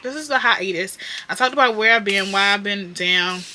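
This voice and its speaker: A woman's voice: medium pitch, moderate pace, a little hiss or hum. Candid, foul-mouthed woman vlogger. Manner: candid, profane, talks straight to viewers; drops into muttered whispers then bursts loud. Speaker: beauty vlogger. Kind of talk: casual chat while doing makeup.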